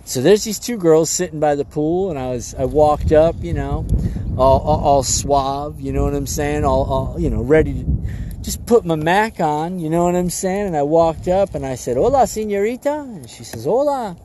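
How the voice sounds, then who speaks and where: A man hosting a live stream, rambling through an animated story with lots of fillers. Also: fairly high pitch, normal speed, slight background noise.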